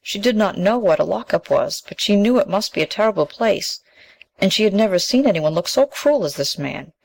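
A woman narrating a fairy tale in a measured, expressive storybook reading. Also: medium pitch, vocal fry, rough recording.

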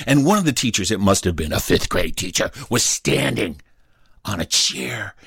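A man's voice: on the low side, normal speed, gravelly, husky, no echo, clean studio sound. A man telling a childhood story as a stage storyteller, acting out each voice. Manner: animated, acts out every voice. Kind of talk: told story performance.

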